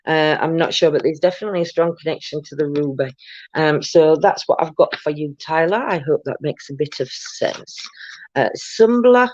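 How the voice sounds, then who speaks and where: A woman's voice: low voice, normal speed, darkish tone, no echo, highs cut off. An older woman, tired, chatting casually on a live stream as a tarot reader, greeting viewers by name with many ums.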